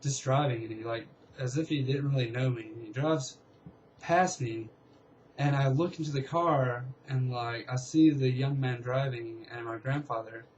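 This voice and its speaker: A young man casually telling a long story, rambling and excitable, with lots of fillers. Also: medium pitch, lo-fi sound, a little hiss or hum. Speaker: vlogger.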